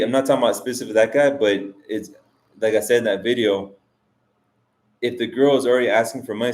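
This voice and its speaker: A man with a lowish, darkish voice hosts a live stream as a vlogger reading the chat. He talks casually, rambling with restarts and fillers as he answers viewers.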